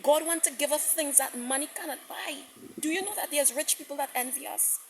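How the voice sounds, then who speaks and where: Impassioned higher-voiced woman preaching. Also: brisk, a little hiss or hum, low-quality recording. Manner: impassioned, repetitive, quotes God at length; restarts and stammers often. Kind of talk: recorded sermon message.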